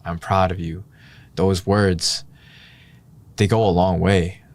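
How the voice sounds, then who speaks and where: A man with a low, deep voice, co-hosting a podcast in a relaxed, heartfelt conversation. He reflects openly and candidly, thinking out loud and letting out the odd sigh as he works through his thoughts. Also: slow pace. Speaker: podcast co-host. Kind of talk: casual heart-to-heart chat.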